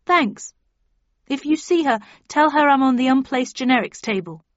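A woman's voice: high-pitched, normal speed, no echo, lo-fi sound, pitched above the performer's own voice, natural voice. A woman voicing an earnest, lovestruck young man who speaks hesitantly. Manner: hesitant then resolute.

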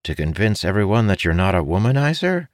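A man voicing a loyal, tactful young male friend in an audiobook, slightly raised from his own deep voice. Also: sing-song, a little fast, dry recording, studio quality. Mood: earnest. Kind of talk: audiobook character voice.

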